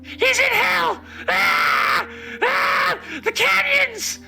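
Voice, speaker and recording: Shrieking terrified little demon. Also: male voice, very high-pitched, wildly swooping pitch, drawn-out words, gravelly, raised voice, loud music behind the voice, pitched above the performer's own voice, full character voice, rough recording. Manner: shrieking, pleading in panic. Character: small terrified insect-like demon creature.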